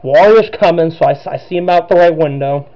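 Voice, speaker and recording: A man's voice: on the high side, brisk, lo-fi sound. A man giving chatty let's-play commentary, who laughs a lot and apologizes for his own voices. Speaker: gameplay commentator.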